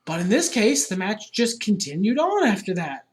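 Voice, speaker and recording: A man's voice: sits high, big pitch swings, normal speed. A man co-hosting a podcast in casual chat, opinionated and ranting, swearing freely. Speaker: podcast co-host.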